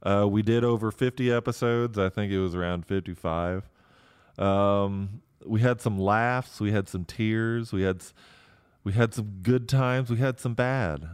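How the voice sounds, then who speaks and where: A man's voice: on the low side, a little slow, clean tone, no echo, studio quality. A man hosting a podcast, casually looking back on the first season with his friends. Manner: easygoing, hesitant with fillers. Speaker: podcast host.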